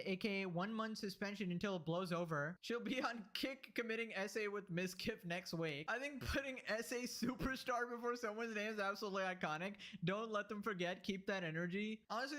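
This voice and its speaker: A man's voice: sits high, pushed and bright. A man giving comedic commentary in a mocking, jokey manner. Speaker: co-host commentator.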